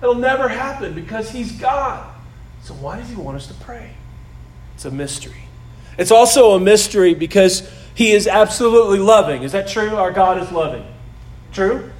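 A middle-aged man preaching a sermon in a conversational way, rising to loud emphasis and dropping to soft, hushed asides. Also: high-pitched, animated, normal speed, roomy sound, distant mic, low-quality recording. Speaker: pastor.

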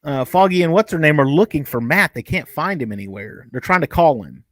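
A man's voice: on the high side, animated, dry recording. A man co-hosting a fan review podcast in casual chat, often stumbling over his words and restarting sentences. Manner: halting, many restarts and fillers. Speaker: podcast co-host.

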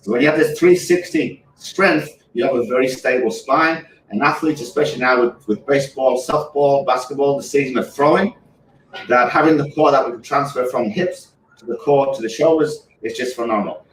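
A man with an English accent, a physical therapist guest, explaining briskly and using analogies. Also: mid-range voice, distant mic, slight background noise. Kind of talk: explaining on live radio. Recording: roomy, off-mic with faint ambience.

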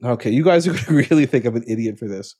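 A man's voice: medium pitch, racing. A man co-hosting a podcast in casual chat, telling stories with laughs between sentences and explaining facts. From family from India. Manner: animated storyteller, laughs mid-sentence. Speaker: podcast co-host.

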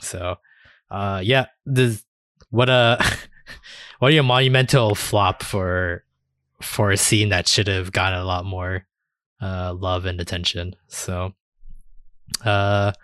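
A man co-hosting a casual podcast chat, animated, often acting out mocking quotes. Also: low-pitched, slow pace, long pauses, no echo, clean studio sound. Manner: animated, mock-quotes characters, swears. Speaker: podcast co-host.

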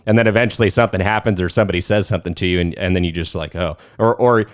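Low-pitched male host, casual, profane, loose storyteller. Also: rapid-fire, no echo, studio quality. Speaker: podcast host. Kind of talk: casual podcast chat.

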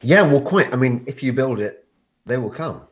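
A man hosts a casual podcast chat, sounding drowsy from painkillers. His voice sits in a middling pitch. He rambles and stumbles through repeated words. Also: lively intonation, moderate pace. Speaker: podcast host.

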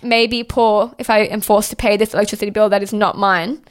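A woman's voice: medium pitch, steady tone, brisk, clear, resonant tone. A young woman hosting a podcast, ranting casually with heavy swearing and constant "like". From Australia. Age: young adult. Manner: exasperated, heavy swearing, lots of "like". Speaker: podcast host.

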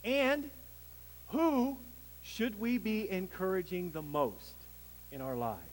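A man preaching a sermon as pastor, swelling to emphatic peaks and dropping low, with some restarts. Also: slow pace, big-room sound, low-quality recording.

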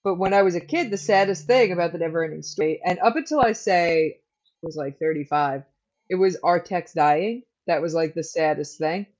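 A woman's voice: fairly low pitch, normal speed, darkish tone. Chatty woman recapping, dull lo-fi sound. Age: adult. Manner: chatty and joking, laughs often. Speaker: podcast co-host recapping a TV episode. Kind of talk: casual chat. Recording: dull lo-fi recording.

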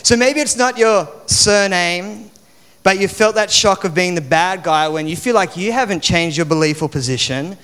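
A man, preaching a sermon in a relaxed, conversational way full of fillers. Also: high voice, normal speed, smooth. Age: 40s. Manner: conversational, chatty with many fillers. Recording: long hall reverb.

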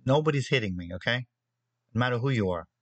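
A man from New holds forth as a magazine editor on his show, blunt and emphatic. He hammers his points by repeating them. His voice sits at an ordinary pitch in a dry, close recording. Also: lively intonation, fast talker, fairly bright tone, dry recording, low-quality recording. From New Jersey. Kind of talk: opinion monologue on a show.

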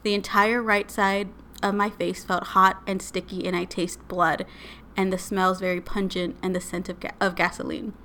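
Woman podcast co-host, bright tone, flat delivery, chatty storyteller. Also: mid-range voice, moderate pace, a little hiss or hum. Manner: retells eerie stories with many fillers. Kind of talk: casual storytelling chat.

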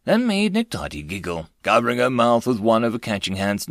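Expressive male audiobook narrator. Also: medium pitch, fairly quick, no echo, studio quality. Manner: expressive storytelling.

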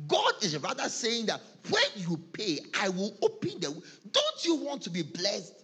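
A Ghanaian pastor preaches with a husky, fairly high voice that leaps all over the place. He acts out his congregation's excuses in different voices and laughs along with them. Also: measured pace. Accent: Ghanaian English. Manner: animated preaching, acts out church members' excuses, laughs often. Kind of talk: sermon.

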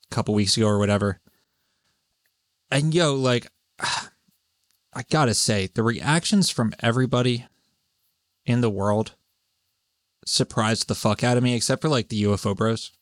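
A man's voice: mid-range voice, a little slow, long pauses, no room sound. Casting note: man, solo podcast rant, sweary and sarcastic, dry close sound, mid-range voice. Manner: profane, rambling, sarcastic. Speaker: podcast host. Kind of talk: solo rambling monologue.

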